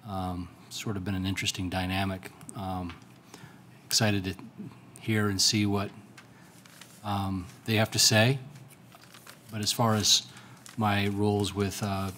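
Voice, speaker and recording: Man, council member, low pitch, halting with fillers, faint background hum. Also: level tone, bright, forceful tone. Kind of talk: casual meeting update. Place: council chambers.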